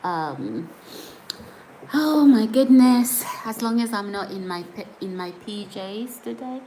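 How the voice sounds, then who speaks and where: A woman's voice: mid-range voice, animated, slow, warm tone, slight background noise, low-quality recording. A woman chatting casually on a live stream, reading viewer comments aloud and often breaking into giggles. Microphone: phone or camera set on a surface.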